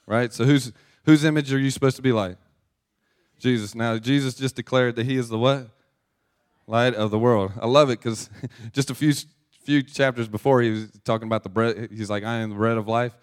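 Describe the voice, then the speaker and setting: A man's voice: medium pitch, fairly even intonation, brisk, smooth. A male pastor telling a personal story in a casual, chatty sermon and reading from scripture, with frequent restarts.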